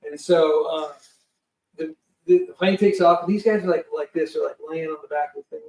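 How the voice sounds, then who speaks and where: A man guest telling a story in a casual, animated way, acting out quotes and swearing freely. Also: a little high, fast. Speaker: guest, film producer. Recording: roomy sound from a distant mic.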